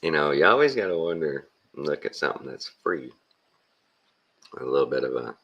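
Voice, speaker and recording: A man's voice: a bass voice, big pitch swings, normal speed, pauses often, muffled recording. A man from Texas with a Texan accent, talking in a blunt, plainspoken, rambling monologue full of folksy slang. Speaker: vlogger.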